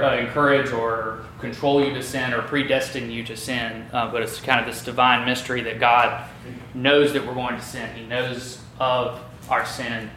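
Male Bible study teacher, even and flat delivery, thoughtful with filler words, recorded in an echoey room. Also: medium pitch. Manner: thoughtful, with frequent fillers and restarts. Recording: echoey room with light noise.

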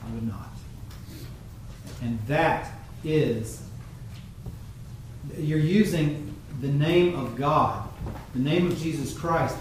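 A man preaching a sermon in a measured teaching tone, pausing often with fillers. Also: on the high side, slight background noise. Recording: very echoey room, mic far off.

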